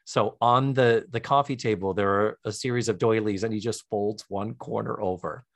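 A man co-hosting a podcast, recapping a sitcom in casual chat as an animated storyteller. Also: moderate pace, vocal fry. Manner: animated storyteller, sing-song pitch swings. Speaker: podcast co-host.

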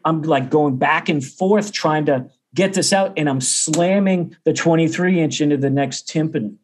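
A man's voice: on the high side, moderate pace, slight background noise. A middle-aged man, a percussion teacher, telling a story casually and acting out the other people's voices. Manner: animated, acts out others' voices.

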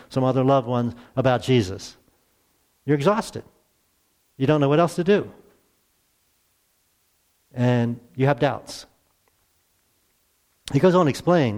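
Earnest middle-aged preacher, conversational. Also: male voice, medium pitch. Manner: conversational, rhetorical questions to the congregation; swings between hushed asides and emphatic raised lines. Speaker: pastor. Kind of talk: sermon.

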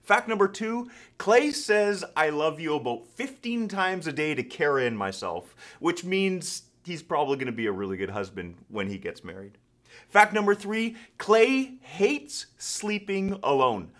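A man in his thirties, a pastor, giving an animated sermon-style talk, telling stories and restarting his sentences now and then. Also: high voice, a little slow. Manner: animated, storytelling, self-correcting.

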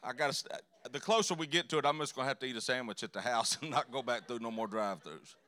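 A man's voice: medium pitch, fast talker, sharp tone. A man preaching a sermon in a church, telling folksy, joking stories. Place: church sanctuary.

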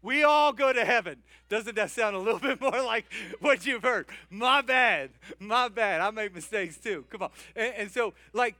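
A male pastor preaching a sermon in a humorous, energetic way, often calling out to the congregation. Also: high voice, moderate pace, few pauses.

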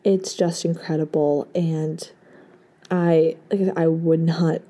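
A hoarse young woman in her late teens, a podcast host giving an earnest, effusive farewell full of thanks. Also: low-pitched, level tone, takes it slowly, dark tone. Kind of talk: casual heartfelt farewell talk.

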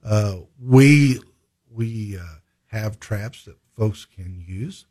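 A man's voice: on the low side, darkish tone. Plainspoken man telling a story. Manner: halting, with many uh fillers and restarts. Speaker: conservation department guest. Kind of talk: conversational interview storytelling.

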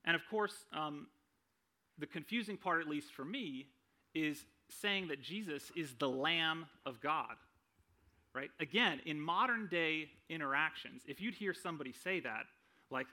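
A young man preaches in an easygoing, conversational style, keeping the congregation with him through repeated "right?" tags and jokes at his own expense. His voice is fairly high, animated and unhurried, with a bright, forceful tone.

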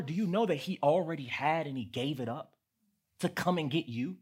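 Husky-voiced man preaching a sermon. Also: a little high, normal speed. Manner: conversational, building to loud emphatic peaks. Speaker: pastor.

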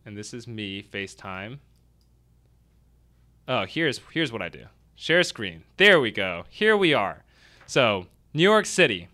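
A man hosting a news stream over a computer mic, his tone bright and forward. He chats loosely through the articles, stumbling and restarting with plenty of fillers. His pitch sits in an ordinary middle range. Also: big pitch swings, slow pace. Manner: chatty and self-deprecating, with many fillers and restarts. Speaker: host of a weekly real estate news show. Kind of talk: casual live-stream commentary reading news articles.

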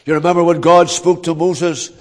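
An older man with a Northern Irish accent preaching a sermon as a pastor, telling stories earnestly with dramatic pauses. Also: fairly high pitch, flat delivery, long reverb tail.

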